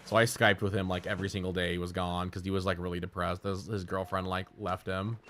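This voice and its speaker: A man's voice: low-pitched, flat delivery, fast talker, a bit bright. A man streaming live, telling rambling, profane stories in casual chat.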